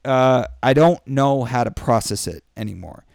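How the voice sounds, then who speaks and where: A man's voice: moderate pace, gravelly, a little mellow, no room sound, clean studio sound. A man hosting a show, delivering an exasperated, profane ranting monologue and slipping into mocking impressions. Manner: exasperated, swearing, with mocking high-pitched impressions. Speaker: podcast host.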